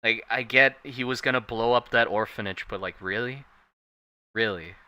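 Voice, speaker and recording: A man streaming casually while drawing, rambling and animated, swearing freely. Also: mid-range voice, normal speed, clear, resonant tone, dry recording. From Thailand.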